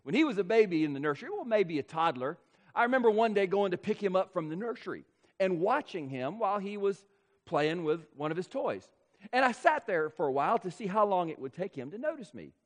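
Male pastor, high voice, emphatic sermon that slows for emphasis, recorded in a church hall with a long reverb. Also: very animated. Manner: emphatic, slows and rises for key points. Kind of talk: expository sermon.

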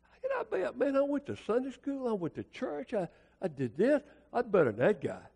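A shrill, whiny churchgoer man complains to the Lord, self-righteous and pleading, as a preacher puts him on. His voice rises high and rings with a long hall echo. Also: wildly swooping pitch, a little fast, creaky, a little mellow, breathy edge, full character voice. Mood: protesting.

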